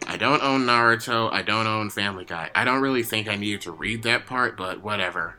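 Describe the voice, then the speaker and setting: A man's voice: lowish voice, fairly quick, bright, forceful tone. A man co-hosting a comedy show, reading fan fiction aloud in a dry, teasing way.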